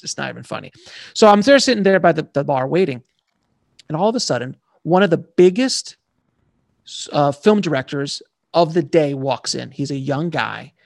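Man, casual interview, slangy, animated storytelling, gravelly. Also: fairly high pitch, dry recording, studio quality. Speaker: author guest.

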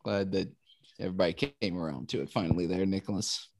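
A man's voice: deep voice, fast talker, a little mellow, dry recording, clean studio sound. A man co-hosting a casual podcast chat, rambling and laid-back, often trailing off mid-thought. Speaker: podcast co-host.

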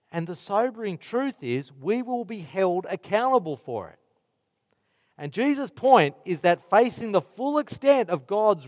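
A man preaching a sermon in a slow, deliberate way, leaning on weighty pauses. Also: sits high, in a large hall.

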